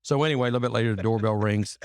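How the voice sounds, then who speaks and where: A man's voice: fairly low pitch, rapid-fire, smooth, no echo, studio quality. A man guesting on a podcast, telling loose, rambling anecdotes full of fillers and restarts. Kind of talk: casual storytelling.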